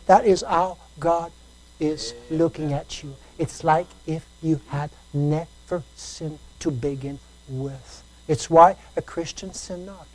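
Preaching a sermon, a woman narrates a story, circling back on phrases and alternating between forceful loudness and quiet talk. She has a low voice and a slow pace, and the audio is poor.

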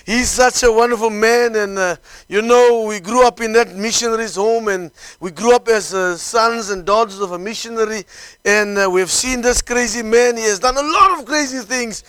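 A man preaching a sermon, peppering his phrases with hallelujah and amen, swinging from calm storytelling to fervent shouting. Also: high voice, normal speed, clear, resonant tone, no room sound.

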